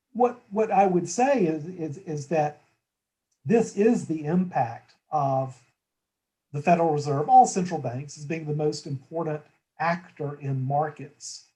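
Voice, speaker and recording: A man's voice: on the high side, warm tone, low-quality recording. A man as a guest in a conversational market discussion, talking thoughtfully with frequent restarts and tag questions.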